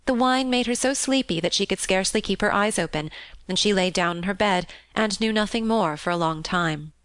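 A woman reading a classic children's novel aloud in a calm, steady and expressive narration. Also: medium pitch, a little fast, no room sound. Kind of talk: scripted storybook narration.

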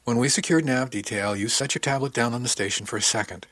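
A man reading the part of a friendly young woman crewmate who teases lightly and apologizes sincerely, in a husky voice. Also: mid-range voice, fast talker, no echo, lightly acted. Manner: warm, teasing, then apologetic.

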